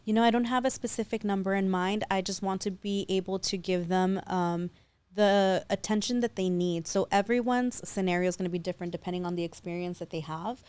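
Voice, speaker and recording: A woman's voice: medium pitch, steady tone, a little fast, darkish tone, clean tone, dry recording. A woman in her thirties, a loan officer guest, talking upbeat and confident in a casual interview and slipping in bits of Spanish. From San Diego.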